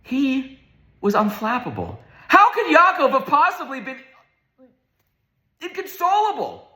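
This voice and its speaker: A man's voice: very high-pitched, huge pitch swings, a little slow, bright, forceful tone. A man teaching a Torah lecture, speaking emphatically, asking rhetorical questions and repeating words for stress. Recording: roomy echo.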